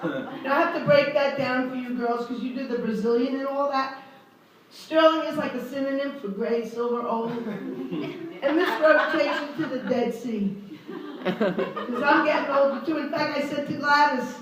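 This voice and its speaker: An older woman with a New York accent works through self-deprecating stand-up bits in a high, bright voice. She sounds a little distant from the mic, and the room around her rings with strong echo. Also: normal speed. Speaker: comedian. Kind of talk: stand-up comedy. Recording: roomy echo from afar.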